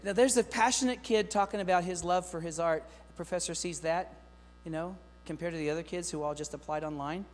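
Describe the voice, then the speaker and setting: A middle-aged man giving a lively, joking keynote talk to teachers, speaking straight to the audience. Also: fairly high pitch, fairly quick, few pauses. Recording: long hall reverb with faint mains hum.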